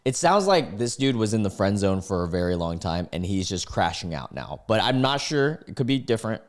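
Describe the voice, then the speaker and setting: A man's voice: lowish voice, big pitch swings, fairly quick. A young man hosting a casual reaction video, laid-back and slangy, often laughing and exclaiming.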